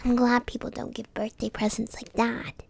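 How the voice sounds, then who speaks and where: A woman's voice: fairly high pitch, flat delivery, normal speed, creaky, a little mellow, husky, no echo, heavily acted. A woman voicing a polite, curious young girl in a whispered role-play. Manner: polite, a little indignant.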